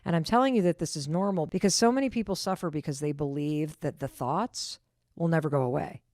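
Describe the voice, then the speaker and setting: Middle-aged woman, podcast host, deep, emphatic and reassuring, dry sound. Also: fairly quick, darkish tone, no room sound. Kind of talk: casual podcast conversation.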